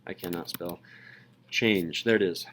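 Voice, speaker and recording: A young man teaching a high school math class in a classroom, playful and jokey in manner. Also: measured pace, a bit bright, poor audio. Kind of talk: classroom lecture.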